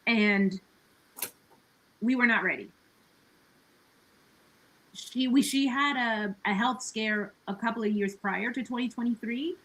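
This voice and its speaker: A woman's voice: on the high side, slow, long pauses, fairly bright tone, poor audio. A woman talking as a podcast guest in a casual conversation. She is earnest and reflective, with many "like" and "you know" fillers and laughs between her thoughts.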